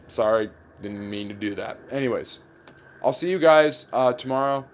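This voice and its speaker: A man with a medium-pitched voice, speaking at normal speed, hosts a livestream Q&A about history. He gives blunt opinions as he answers viewer questions.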